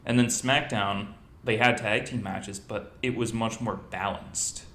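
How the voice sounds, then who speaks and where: A man's voice: fairly low pitch, measured pace, roomy sound. A man hosting a podcast in casual chat, telling stories and joking. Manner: animated storyteller, jokey. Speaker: podcast host.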